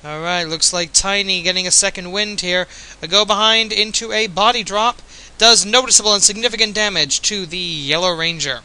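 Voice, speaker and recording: A man's voice: high voice, steady tone, normal speed, few pauses, pushed and bright, smooth, low-quality recording. A man giving casual, jokey play-by-play commentary in an offhand, chatty way, a bit tipsy.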